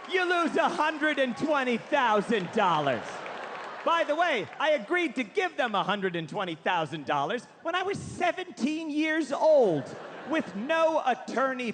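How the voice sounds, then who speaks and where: A man performing a self-mocking stand-up comedy routine before a live audience, building to shouted punchlines. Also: very high voice, big pitch swings, a little slow, a crowd in the background. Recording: noisy live stage recording.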